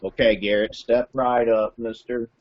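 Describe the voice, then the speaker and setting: A man's voice: medium pitch, level tone, a little slow, no echo, highs cut off. A man playing a tabletop game, thinking aloud methodically. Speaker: player. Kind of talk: casual game talk.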